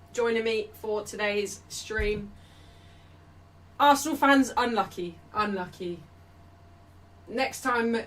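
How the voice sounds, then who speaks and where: A woman's voice: on the high side, sharp tone, far from the mic, a little hiss or hum. A young woman hosting a live football watchalong stream, chatting casually with her viewers, laughing a lot and swearing now and then. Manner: laughs often, swears, talks to her chat.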